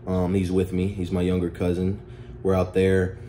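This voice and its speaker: A man narrating a story-time vlog in a casual, animated way, often calling out to his viewers. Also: low voice, moderate pace, slight background noise. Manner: animated, addresses viewers as guys and y'all. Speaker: storytime vlogger.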